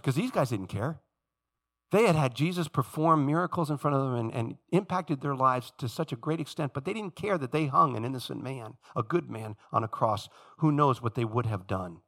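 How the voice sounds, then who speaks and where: Brief: male pastor, high bright voice, lively sermon delivery, drops to hushed tones then shouts. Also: brisk. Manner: animated, shifts from low hush to shouting; addresses congregation directly, acts out quoted speakers.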